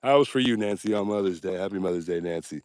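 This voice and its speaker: A man's voice: sits low, fast, a little mellow, dry recording, clean studio sound. A man hosting a casual livestream outdoors at night, joking and poking fun at himself as he talks straight to his chat. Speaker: livestream host.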